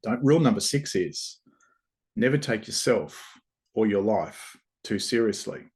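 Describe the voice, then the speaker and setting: A man doing a calm, smiling prime minister. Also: fairly low pitch. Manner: calm, gentle, unhurried.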